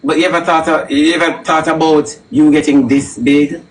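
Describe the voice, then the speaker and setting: A man's voice: a little high, level tone, normal speed, recorded from a distance, low-quality recording. A man with a Jamaican accent interviewing a guest, effusive and gushing, often repeating himself. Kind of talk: comic interview chat.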